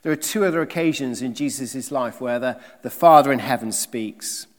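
A man's voice: mid-range voice, moderate pace. Emphatic male preacher in a reverberant hall. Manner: emphatic, with rhetorical questions and swings in loudness. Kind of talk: sermon.

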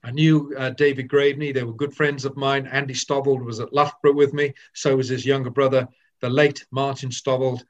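An older man from Wales telling candid stories of his cricket career, lively and with frequent restarts. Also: mid-range voice, fairly quick, highs cut off. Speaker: former cricketer. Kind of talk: reminiscing storytelling.

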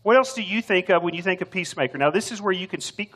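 Older texas guy subbing as preacher, kinda high voice, folksy and jokey. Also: fast talker, bright, forceful tone. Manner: folksy, joking storyteller. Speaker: substitute preacher. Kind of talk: sermon.

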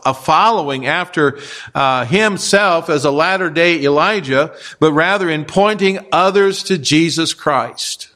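A man preaching from the pulpit with a somewhat high-pitched voice. He works through a passage verse by verse, asking rhetorical questions and stumbling now and then with small fillers and restarts. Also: a bit bright. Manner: expository preaching with rhetorical questions and acted quotes. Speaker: pastor. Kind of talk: sermon.

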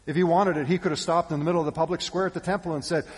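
A male pastor giving a sermon with animated storytelling, shifting between loud calls and hushed asides. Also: fairly high pitch, very fast. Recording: long reverb of a church hall.

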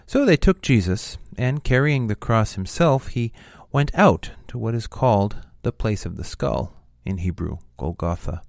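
A man reading a Gospel passage aloud in a measured, steady way. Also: fairly low pitch, creaky, no room sound, studio quality. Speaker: scripture reader.

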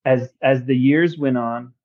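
A man who works as a tattoo artist, a guest on a podcast, telling his story in a casual, halting way with many fillers and restarts. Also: mid-range voice, muffled recording. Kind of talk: casual conversational testimony.

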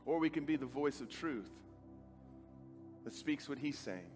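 A man preaching a sermon with an earnest, dramatic delivery, acting out quoted dialogue and dropping to a soft, quiet voice. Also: medium pitch, lively intonation, measured pace. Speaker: pastor. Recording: faint music behind.

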